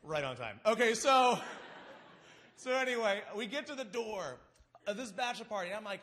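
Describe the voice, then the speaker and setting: A man with a lively, high-pitched voice tells a funny story live on a big theater stage. He is animated and acts out his friends' lines, and his voice swings up and down as he builds to each joke. He speaks into a stage microphone. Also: normal speed. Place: large theater stage before an audience.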